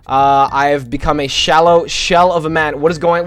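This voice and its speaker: Male streamer, pitched a bit high, loose profane banter with chat, self-mocking, soft music underneath. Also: normal speed, few pauses. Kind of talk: casual live-stream chat with viewers.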